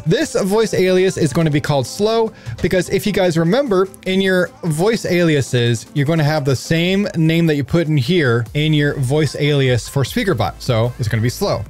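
Man, casual tutorial, upbeat, joking asides, a bit high-pitched. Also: darkish tone. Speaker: streamer teaching a software setup. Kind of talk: casual screen-recorded tutorial.

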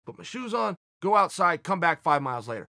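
A man's voice: high voice, sing-song, fairly quick, vocal fry, bright, forceful tone, no echo, clean studio sound, voice pushed down, exaggerated voice. A man mimicking a sour, reluctant guy who complains about running but goes anyway. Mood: grumbling. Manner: grumbling, sour.

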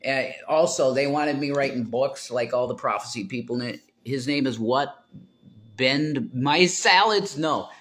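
Middle-aged man, rambling casual monologue, mid-pitched voice, mumbling asides, loud exasperated bursts. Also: fairly even intonation, moderate pace, hardly any pauses. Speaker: political commentator.

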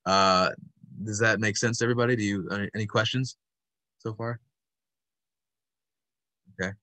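A man's voice: fairly low pitch, fairly even intonation, normal speed, sharp tone, no room sound. A man instructing an online puppetry workshop over a video call, patient and encouraging as he explains step by step.

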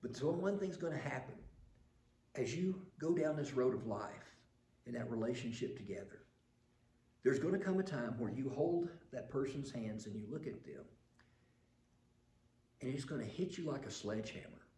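A man's voice: mid-range voice, lively intonation, moderate pace, pauses often, warm tone, roomy sound, a little hiss or hum. An older man preaching a sermon, telling stories and building to emphatic passages. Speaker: pastor.

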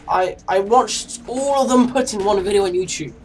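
A man's voice: high-pitched, moderate pace, far from the mic, a little hiss or hum. A young man with a put-on Australian accent, giving chatty, rambling gameplay commentary and swearing casually. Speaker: gaming YouTuber.

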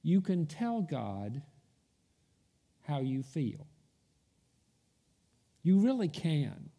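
A man's voice: a little high, very animated, very slow, vocal fry, mellow. A man preaching a sermon, telling the story in a storytelling manner, acting out the quoted voices and dropping almost to a whisper for emphasis. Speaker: pastor. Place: church.

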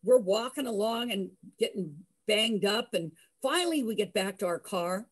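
An older woman telling a personal story in a lively way, acting out the voices of the people in it. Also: medium pitch, moderate pace, slightly rough. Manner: lively, acts out voices, laughs. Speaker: storyteller host.

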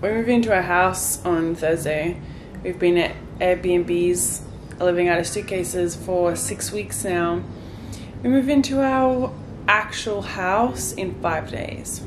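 A young woman vlogging to her viewers from a bright white bedroom, talking candidly and a little wearily as if on a casual video chat. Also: lowish voice, slow pace, noisy background. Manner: tired, candid and rambling. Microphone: phone camera, close. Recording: faint guitar music underneath.

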